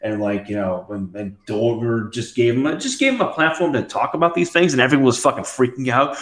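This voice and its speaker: A man's voice: mid-range voice, fairly quick, hardly any pauses, fairly bright tone, echoey room. Sardonic, stammering male podcast co-host. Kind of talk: casual podcast chat.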